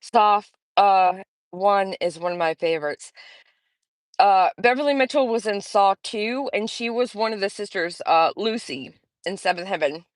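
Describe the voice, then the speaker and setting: A woman of middling pitch hosts a casual live stream and chats along in a rambling, friendly way. She stops to greet viewers by name. Her voice is dry and close, with almost no room sound. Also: lively intonation, normal speed, dry recording. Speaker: livestream host.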